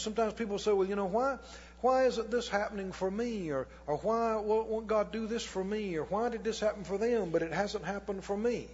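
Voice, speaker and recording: A man preaching a sermon as pastor, reading scripture slowly and putting questions to the congregation that he answers himself. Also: sits high, a little mellow, husky. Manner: reads scripture slowly and deliberately. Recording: long hall reverb, dull lo-fi sound.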